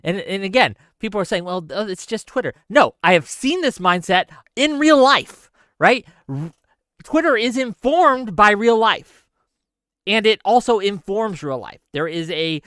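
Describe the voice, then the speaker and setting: Heated, bright-voiced male streamer. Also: sits high, lively intonation, unhurried, clear, resonant tone, no room sound. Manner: emphatic, heated ranting with swearing; talks straight to the audience with asides. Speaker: streamer host. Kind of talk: live-stream commentary to chat.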